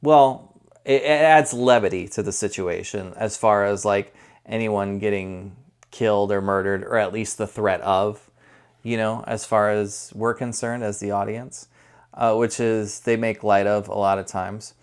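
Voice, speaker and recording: A man's voice: on the low side, fairly even intonation, a little slow, smooth. A man giving a casual spoken movie review, conversational and rambling, often correcting himself as he goes. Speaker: film reviewer.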